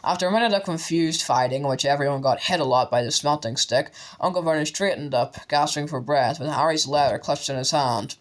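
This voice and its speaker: A man narrating an audiobook with steady storytelling. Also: fairly high pitch, fairly quick, hardly any pauses.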